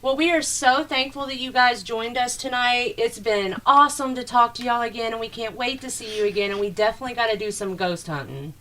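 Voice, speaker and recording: Bright-voiced Southern woman co-host. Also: a little high, a little fast, hardly any pauses, a little hiss or hum. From American South. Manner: chatty, swears freely, draws words out. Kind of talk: casual chat.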